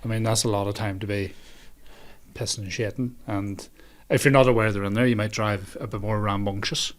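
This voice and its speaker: A man's voice: fairly low pitch, fairly even intonation, brisk. A man, a guest on a podcast, trading dry, sweary comic banter. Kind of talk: casual comedic chat.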